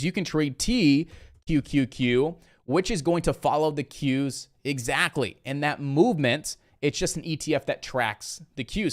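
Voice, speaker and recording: A man from Indiana hosting a casual live trading stream, chatty and energetic, talking straight to his viewers. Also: on the high side.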